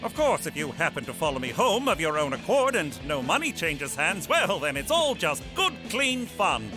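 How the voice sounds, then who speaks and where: A man's voice: high voice, sing-song, moderate pace, over music. A man voicing a smug, lecherous federal agent in a cartoon, officious in tone.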